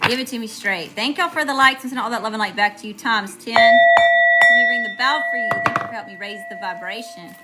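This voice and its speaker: Over loud music, a tarot reader's voice comes through on the high side and brisk. She keeps her live reading loose and talkative, welcoming viewers and frequently asking "okay?"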